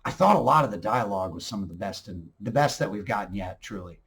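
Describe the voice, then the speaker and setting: A man hosting a TV review channel, talking casually and excitedly, acting out scenes and swinging from low mutters to loud bursts. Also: quick pace.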